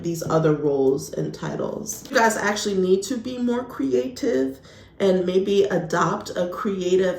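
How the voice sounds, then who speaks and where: A woman giving a casual pick-a-card tarot reading, chatty and full of "like", calling listeners honey. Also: mid-range voice. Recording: echoey room.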